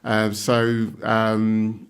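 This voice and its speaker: A man's voice: lowish voice, monotone, drawn-out words, clear, resonant tone. A middle-aged man from London with an East London accent, chatting easily as a podcast guest with many ums and uhs. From London, England. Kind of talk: casual interview chat.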